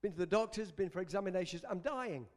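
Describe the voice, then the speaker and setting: A man's voice: high voice, fast talker, lightly acted. A preacher acting out a desperate man who is dying from drink and begs to keep his beer. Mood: grim. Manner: pleading, clinging to his drink.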